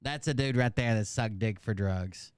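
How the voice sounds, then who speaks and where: A man's voice: on the low side, normal speed, noisy background. Crude, sarcastic man. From American South. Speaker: commentary host. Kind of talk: crude reaction commentary.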